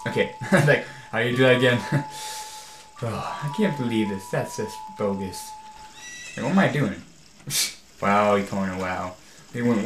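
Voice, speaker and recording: A male let's play host talks a little slowly, with long pauses, in a lowish, slightly bright voice. His casual game commentary rambles, he gets exasperated easily and says "freaking" often, and faint game music sounds in an echoey room.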